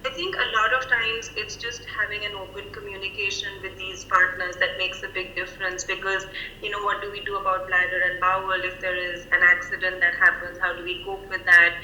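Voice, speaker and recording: A woman clinical psychologist speaking over a video call, thoughtful and measured, with frequent fillers. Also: mid-range voice, flat delivery, bright, forceful tone, reverberant, slight background noise, low-quality recording. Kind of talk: professional video-call interview.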